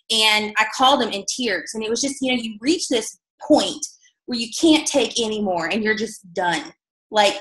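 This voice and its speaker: A woman's voice: a little high, a bit bright, echoey room, poor audio. A middle-aged woman giving a candid, chatty motivational talk to a sales team, full of fillers and self-deprecating asides.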